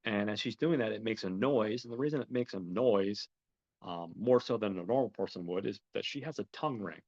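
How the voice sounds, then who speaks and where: A man's voice: on the low side, fairly quick, a little mellow. A man hosting a podcast, retelling a film's plot in a rambling, casual way with lots of fillers and swearing. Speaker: podcast host. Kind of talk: casual film recap. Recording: dull lo-fi recording.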